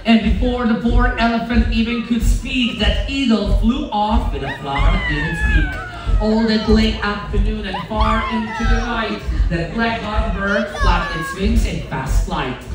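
Slow, animated storyteller in an echoey room. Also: mid-range voice, far from the mic. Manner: animated, slow, doing voices for characters. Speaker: story reader at a children's event. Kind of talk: expressive read-aloud storytelling. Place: large room on a cruise ship.

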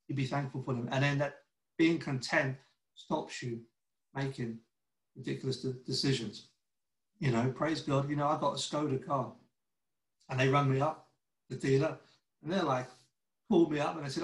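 With a medium-pitched, fairly even voice at normal speed, this church teacher pauses often as he gives an informal sermon on a video call. The sound is roomy and low quality, and his conversational delivery includes acted-out dialogues and stammering restarts.

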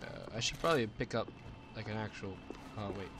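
Young guy, excitable and profane let's-play commentator, gunfire loud underneath. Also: on the low side, a little fast, noisy background. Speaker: gameplay commentator. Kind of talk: casual gameplay commentary.

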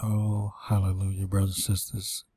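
A man's voice: low voice, completely flat delivery, moderate pace, warm tone, breathy edge, dry recording. A man teaching and reading scripture aloud in an informal sermon, short of breath, with restarts and asides. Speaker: preacher.

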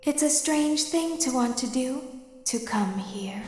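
A woman voicing a calm, mysterious female animatronic who gives slow, cryptic warnings in the dark. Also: high voice. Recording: echoey game audio with long reverb.

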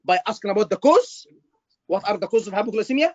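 Animated high-voiced male tutor on a call. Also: fast, no room sound, highs cut off. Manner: animated, repeats himself, checks in with the class. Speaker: medical exam tutor. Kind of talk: online class teaching.

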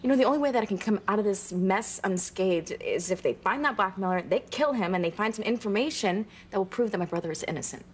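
A woman's voice: mid-range voice, lively intonation, fast, hardly any pauses, a little hiss or hum, close to an everyday voice. An actress playing a flustered young woman, pleading. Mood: anxious. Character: anxious young woman hiding a secret.

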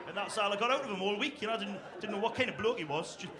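A man's voice: high voice, lively intonation, quick pace, few pauses, very noisy. A middle-aged male comedian telling rambling, sweary comic stories and laughing at his own lines. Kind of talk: comic storytelling.

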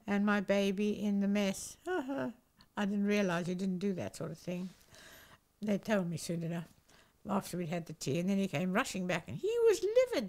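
A woman's voice: mid-range voice, rough recording. An older woman, a former wartime pilot, recalling stories in a documentary interview, acting out other voices and laughing as she goes. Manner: lively storyteller, acts out voices, laughs often.

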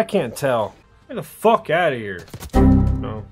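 A young man commentating his own gameplay, ranting and swearing constantly, often bursting into shouts. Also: medium pitch, big pitch swings, takes it slowly, soft background music. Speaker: gaming YouTuber.

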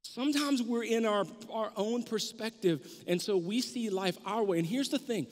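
A male pastor delivers a sermon in a church, his voice pitched high and carrying. He preaches with animation and acts out the disciples in raised, excited tones. The sanctuary adds a long reverb tail to every line. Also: normal speed.

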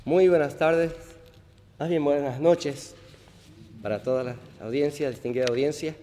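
A man from Paraguay, a harpist, introducing songs on stage in halting, humble English after a Spanish greeting, with pauses and restarts. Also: fairly high pitch, fairly even intonation, dark tone, a little hiss or hum. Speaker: harpist performer. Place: large hall, live audience. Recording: roomy hall reverb, faint ambience.

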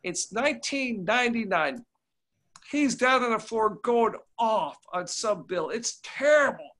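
A high-pitched male congressman who talks in a folksy, punchy way, full of anecdotes. He is heard through a video call in a remote panel discussion. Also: lively intonation, a little slow, a bit bright. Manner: folksy, emphatic, storytelling.

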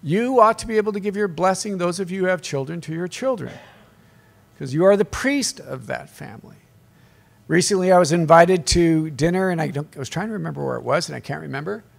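A man's voice: high voice, expressive, brisk, creaky. A middle-aged man, a priest, giving a conference talk to a live audience, telling stories with humor and calling out to the crowd. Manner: conversational storytelling with humor and call-outs to the crowd.

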